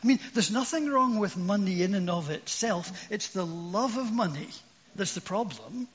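A man's voice: sits high, animated, moderate pace, big-room sound, lo-fi sound. An older man preaching a sermon, earnest and asking his listeners questions.

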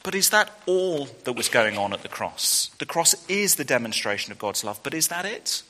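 A man's voice: medium pitch, very animated, moderate pace, bright, forceful tone. A man preaching a sermon to students, earnest and full of rhetorical questions. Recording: long hall reverb.

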